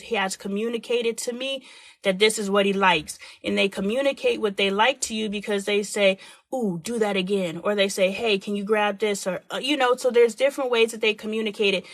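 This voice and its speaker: A woman's voice: medium pitch, fairly bright tone, dry recording. A woman in her forties hosting a live stream, talking frankly and animatedly, acting out quoted voices. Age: 40s. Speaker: livestream host. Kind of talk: candid live-stream talk.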